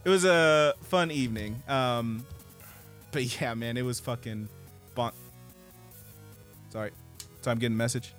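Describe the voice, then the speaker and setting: A man's voice: medium pitch, unhurried, pauses often, a bit bright, soft background music. A man co-hosting a podcast, telling a long story in a casual, profane way and acting out other people's lines. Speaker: podcast co-host.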